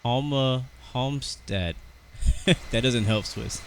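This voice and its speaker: A man's voice: fairly low pitch, normal speed, a bit bright, slight background noise, poor audio. An American man chatting casually and rambling through live commentary on his flight sim stream, talking to his viewers.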